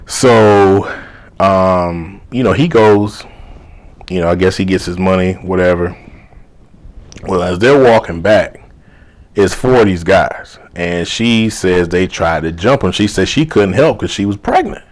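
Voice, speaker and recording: Deep-voiced man telling a story. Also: a little slow. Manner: animated retelling full of quoted dialogue and "you know". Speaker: life coach. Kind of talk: casual storytelling.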